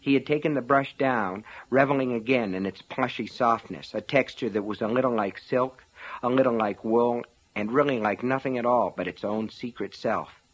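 A man reading a novel aloud in a measured, dramatic narration style. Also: mid-range voice. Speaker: audiobook narrator. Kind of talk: scripted narration.

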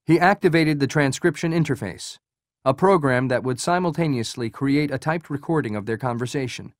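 A man reading a thriller audiobook as its narrator, in an even, measured way. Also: medium pitch, dry recording, studio quality.

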